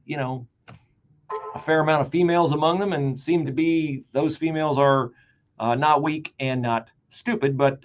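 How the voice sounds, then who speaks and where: A man hosting a political talk show, delivering an animated, sarcastic and emphatic monologue. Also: fairly high pitch. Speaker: radio talk show host. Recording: dull lo-fi sound.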